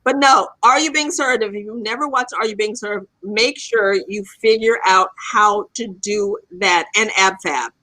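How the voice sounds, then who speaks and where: A woman's voice: mid-range voice, measured pace, few pauses, bright, forceful tone, dry recording, rough recording. A woman hosting a casual livestream chat, playful and cheeky, swearing freely, over a video call. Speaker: host.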